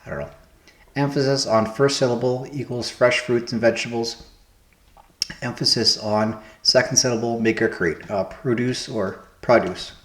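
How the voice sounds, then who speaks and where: A man with a medium-pitched voice and fairly even intonation plays word puzzles at a normal speed, casually thinking aloud. He musingly tries out one guess after another, and his voice carries a noticeable room echo.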